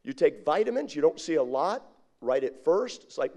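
A man's voice: on the high side, very animated, normal speed, mellow. A middle-aged man preaching a sermon as pastor, drawing his congregation in with call-and-response questions.

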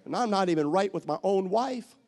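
A man preaching a sermon, bantering with the congregation, repeating phrases for emphasis and sometimes shouting. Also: high-pitched, lively intonation, brisk.

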